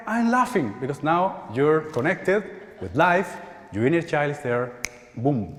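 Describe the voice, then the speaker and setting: A man with a Spanish accent giving an animated inspirational talk at a conference, acting out quoted voices and laughing often. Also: a little high, measured pace. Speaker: conference speaker. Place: large church hall. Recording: echoey hall with long reverb.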